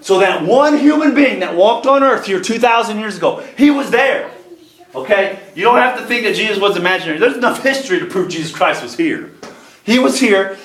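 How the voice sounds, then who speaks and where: Preacher guy, fairly high voice, reads verses then pushes the point hard, roomy echo. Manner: reads scripture aloud and drives points home with rising emphasis. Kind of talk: sermon.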